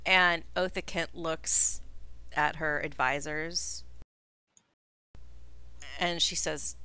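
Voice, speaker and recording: Bright-voiced woman running a tabletop game. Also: deep voice, fairly even intonation, very slow, long pauses, clean tone. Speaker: dungeon master.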